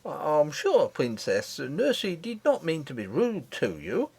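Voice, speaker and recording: Storybook housekeeper woman, timid and soothing, voice nudged higher by a male reader. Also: wildly swooping pitch, slow, gravelly, darkish tone, husky, exaggerated voice. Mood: placating. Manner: soothing and placating. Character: nervous, placating woman housekeeper.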